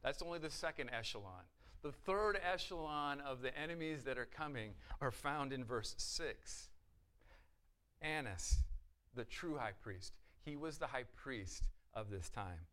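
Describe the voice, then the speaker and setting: A man's voice: mid-range voice, expressive, a little slow, sharp tone. A man preaching an expository sermon, firing off rhetorical questions and slipping into the voices of the people in the passage. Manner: rhetorical questions, emphatic with sudden bursts of volume; acts out the voices of the priests in quotes. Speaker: pastor.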